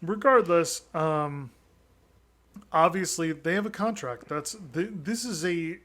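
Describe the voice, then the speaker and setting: A man chatting casually on a podcast, his voice pitched a little higher than most men's. He rambles along, stumbling through restarts and fillers as he talks. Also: slow pace, a bit bright. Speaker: podcast co-host. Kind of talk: casual chat.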